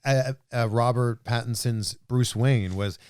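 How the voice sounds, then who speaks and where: A man's voice: medium pitch, a little slow, darkish tone, clean tone, dry recording, studio quality. A man appearing as a guest on a podcast, chatting casually and animatedly, acting out quotes with playful voices. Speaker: podcast guest, TV host and interviewer.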